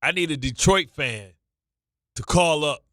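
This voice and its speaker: Male sports radio host, nervous stammering banter, bright and dry. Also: fairly high pitch, a little slow, dry recording. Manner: stammering, repeats himself, nervous joking. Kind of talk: excitable sports talk banter.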